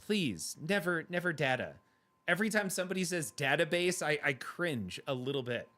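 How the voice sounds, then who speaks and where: Male stream host, casual chatty banter, slightly higher-pitched voice, laughs easily. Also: animated, a little fast, bright, forceful tone. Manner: chatty, playful, laughs often. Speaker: livestream host reading chat. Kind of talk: casual chat.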